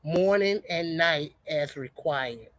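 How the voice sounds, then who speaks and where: A woman chatting casually on a homestead livestream, greeting viewers and reading a product label aloud haltingly. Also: low-pitched.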